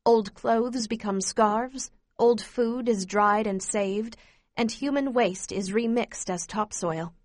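A woman giving steady, measured first-person narration of a memoir as an audiobook reader. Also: on the high side, no room sound.

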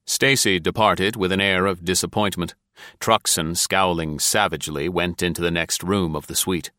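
Reading an adventure story from a script, this audiobook narrator speaks in a low voice with a steady, measured storytelling style. The sound is clean studio audio without any room sound.

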